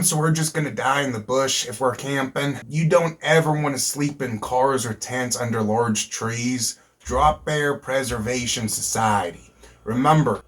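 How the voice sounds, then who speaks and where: A man's voice: mid-range voice, measured pace, fairly bright tone. Rambling joking man vlogging. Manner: rambling, joking, swears freely. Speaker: YouTube host. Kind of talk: casual vlog chat. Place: outdoors at night.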